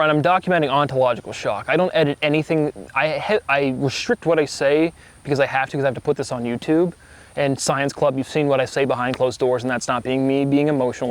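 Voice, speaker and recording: Self-assured male vlogger, mid-pitched, digressive monologue that keeps restarting and picks words apart syllable by syllable. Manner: spells out words and syllables to make points. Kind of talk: rambling monologue to camera.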